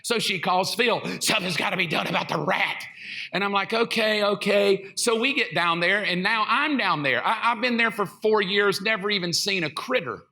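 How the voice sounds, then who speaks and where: A middle-aged man with a Southern US accent, a pastor preaching a sermon full of funny stories, animated and self-mocking. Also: high-pitched, normal speed, few pauses. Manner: animated, self-mocking, acts out voices and sounds. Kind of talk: comedic sermon storytelling. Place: church sanctuary.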